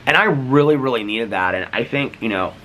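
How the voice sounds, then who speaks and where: A man's voice: mid-range voice, lively intonation, a little fast, pushed and bright, a little hiss or hum. A middle-aged man vlogging, telling a personal story in a chatty way, full of "like" and "you know", acting out quoted exchanges. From United States. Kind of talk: casual storytelling to camera.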